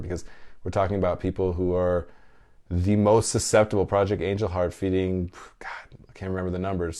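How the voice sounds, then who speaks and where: A podcast host in his thirties, whose voice sits low and sounds a little mellow, reads listener comments during a casual live chat. He's candid and emotional, swearing freely as he talks.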